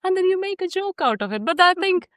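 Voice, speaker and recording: A woman's voice: extremely high pitch, expressive, fast talker, no echo, studio quality. A woman psychotherapist guesting on a podcast, telling personal stories candidly and laughing often. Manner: warm storytelling, often laughing.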